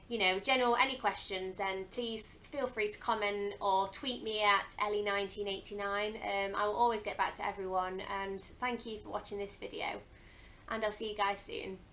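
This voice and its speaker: A woman's voice: medium pitch, a bit bright, a little hiss or hum, rough recording. A young woman talking casually to camera as a vlogger, chatty and earnest, with frequent hesitant ums. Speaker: beauty vlogger. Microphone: camera mic.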